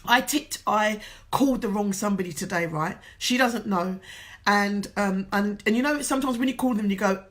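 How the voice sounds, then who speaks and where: A woman's voice: mid-range voice, fairly quick, a bit bright. Earnest, heartfelt woman coach speaking to camera. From England. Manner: heartfelt, tearful at times, earnest and encouraging. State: runny nose, emotional. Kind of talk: emotional direct-to-camera talk.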